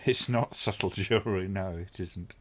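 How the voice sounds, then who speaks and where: A man's voice: low voice, normal speed. A man chatting casually and laughing often while commenting on a film with a friend. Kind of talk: casual watch-along commentary.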